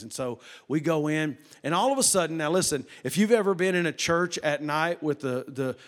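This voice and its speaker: A middle-aged man, preaching a sermon and telling a story, swinging from loud bursts to hushed retelling. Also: on the high side, lively intonation, fast, hardly any pauses. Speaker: pastor.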